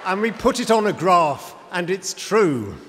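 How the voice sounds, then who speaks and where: A man's voice: sits high, big pitch swings, measured pace, a bit bright, a faint crowd. A man from the UK giving a wry, storytelling acceptance speech. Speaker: prize winner giving speech. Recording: echoey hall, faint noise.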